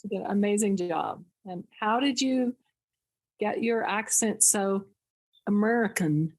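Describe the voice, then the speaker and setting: A woman's voice: mid-range voice, measured pace, noisy background. A woman, the host's mother, giving kind compliments on a video call. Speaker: donor, mother of the host.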